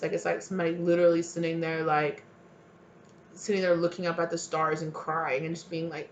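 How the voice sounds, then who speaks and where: A woman's voice: fairly low pitch, little pitch movement, brisk, a little hiss or hum. A woman giving a tarot reading, rambling with many fillers and voicing an imagined partner's pleas with feeling. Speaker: tarot reader.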